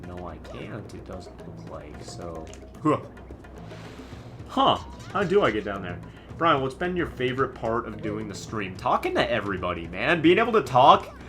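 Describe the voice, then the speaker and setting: A man's voice: lowish voice, very animated, moderate pace, music in the background. A young man giving jokey, rambling live commentary as he plays a video game. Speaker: gaming streamer. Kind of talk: live let's play commentary.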